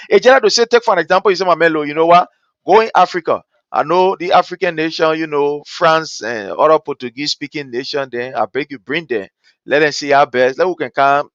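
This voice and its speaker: A man giving rambling, animated political commentary full of fillers and restarts, living in America. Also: high voice, dry recording. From Liberia. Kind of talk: casual commentary monologue. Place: lives in America. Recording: dull, lo-fi dry sound.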